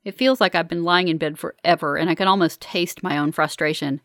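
A woman narrating a first-person novel as an audiobook, in a wry, measured manner. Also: lowish voice, fairly even intonation, fairly bright tone, no room sound, clean studio sound.

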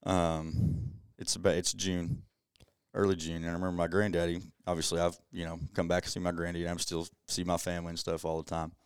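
Brief: a young man, low voice, earnest podcast guest sharing a personal story, close and dry. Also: little pitch movement, fairly quick, clear, resonant tone, dry recording. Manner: earnest, conversational, many "you know"s.

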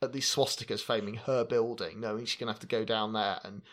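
A man casually recapping a movie with friends, animated and laughing often. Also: fairly low pitch, fast talker. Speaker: podcast co-host.

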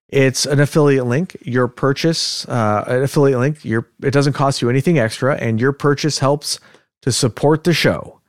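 A man hosting a podcast in relaxed, easygoing chat, often breaking into small chuckles. His voice sits at an ordinary middle pitch and sounds dry and close, with no room around it. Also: dry recording. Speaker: podcast host. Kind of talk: casual chat.

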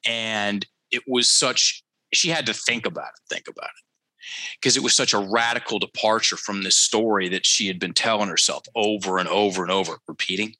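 Guy on a podcast telling a story, low and punchy, keeps repeating stuff for emphasis, dry close sound. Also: steady tone, fairly quick, bright, forceful tone, no room sound, poor audio. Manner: emphatic, repeats key phrases for effect; addresses listeners directly, teacherly. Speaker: podcast guest. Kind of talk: conversational storytelling.

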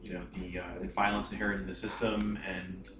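A man's voice: sits low, flat delivery, fairly quick. Tabletop player, man, rambly, off-mic in a roomy space. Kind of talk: casual tabletop game chat. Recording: roomy, distant mic, noisy.

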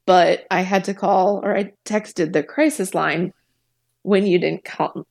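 Talkative young woman with a low voice. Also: steady tone, measured pace, creaky, a little mellow. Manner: open and talkative, laughs between sentences. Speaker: podcast guest. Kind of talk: candid personal conversation.

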